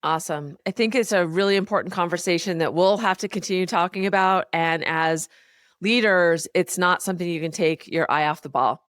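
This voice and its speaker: A woman co-hosting a business podcast, speaking in an animated, encouraging way about workplace development. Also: on the low side, fairly quick, dry recording, clean studio sound. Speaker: podcast co-host, workplace consultant. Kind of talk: casual conversational podcast chat.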